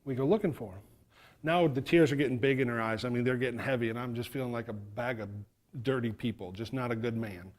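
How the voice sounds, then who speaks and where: A middle-aged man from New York giving an animated fire safety talk, acting out the voices in his stories. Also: mid-range voice, quick pace. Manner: animated, acts out quoted voices.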